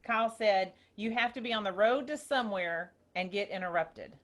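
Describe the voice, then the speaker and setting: A woman hosting a casual group call, telling a story in an excited, rambling way. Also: medium pitch, moderate pace. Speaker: host. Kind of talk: casual chat.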